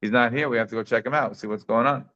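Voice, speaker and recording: A man's voice: mid-range voice, fairly even intonation, quick pace, pushed and bright. A man giving a daily Talmud class in a conversational way, thinking aloud with frequent restarts. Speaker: Talmud teacher. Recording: slightly dull lo-fi sound.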